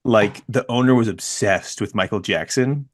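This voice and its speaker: A man's voice: lowish voice, normal speed. Laid-back podcast cohost guy, fills in the details, easygoing chat. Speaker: podcast co-host. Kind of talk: casual chat.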